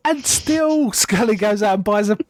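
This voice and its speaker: A man's voice: sits high, lively intonation, normal speed, no echo, clean studio sound. A man casually recapping a TV episode on a podcast, rambling and amused and often trailing off mid-sentence. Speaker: podcast co-host.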